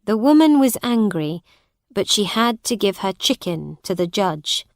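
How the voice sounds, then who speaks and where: A woman narrating a graded-reader audiobook with a very slow, clear reading. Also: mid-range voice, big pitch swings, no room sound, clean studio sound.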